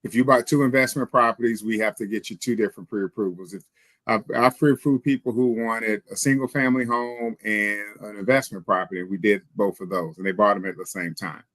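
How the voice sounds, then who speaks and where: A man's voice: lowish voice, fairly even intonation, brisk, a bit bright, dry recording. Confident man explaining loans, dry sound. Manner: confident, joking, explains plainly. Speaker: mortgage lender. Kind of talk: casual explanatory talk.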